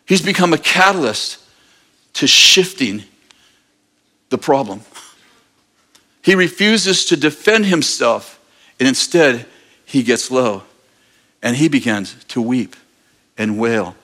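A man preaching a sermon, retelling a scripture story in lively, casual storytelling. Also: medium pitch, takes it slowly, long pauses. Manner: animated storyteller, acting out characters. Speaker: pastor.

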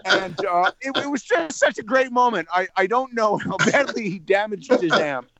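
Animated storyteller man from New Jersey. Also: sits high, normal speed, a crowd in the background. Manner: animated, repeats words as he builds a story. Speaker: radio personality calling in. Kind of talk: storytelling anecdote on a podcast.

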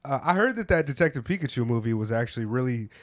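A man's voice: medium pitch, expressive, quick pace, dry recording. A man in casual chat, talking in a laid-back, slangy way.

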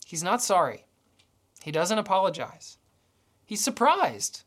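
A woman delivers a sermon in a storytelling way. Her voice sits at a middle pitch, and she voices the dialogue as she narrates. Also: very animated, a little slow. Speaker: preacher.

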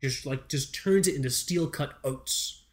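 Profane, rambling American podcast host. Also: male voice, medium pitch, unhurried. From United States. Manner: profane, rambling, self-mocking, animated. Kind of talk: comedic storytelling.

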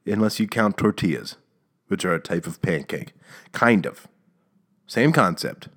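A man hosting his own podcast, ranting casually and sarcastically with stammered restarts and bursts of mock outrage. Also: deep voice. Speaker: podcast host. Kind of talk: casual solo rant.

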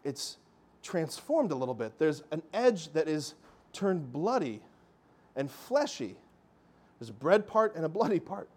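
A man giving a lively Catholic faith talk, telling miracle stories with animation and calling his listeners "guys". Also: high-pitched. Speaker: Catholic speaker.

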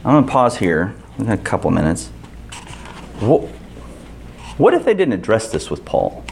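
A man's voice: on the low side, wildly swooping pitch, normal speed, vocal fry, darkish tone, a little hiss or hum. A man leading an interactive Bible study, asking the group questions and restarting his sentences often.

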